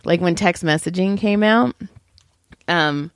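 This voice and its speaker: Gravelly, laughing woman telling stories. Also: fairly low pitch, slow pace, dry recording, clean studio sound. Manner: animated, swears freely, laughs often, acts out callers. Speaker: podcast co-host. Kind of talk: casual storytelling chat.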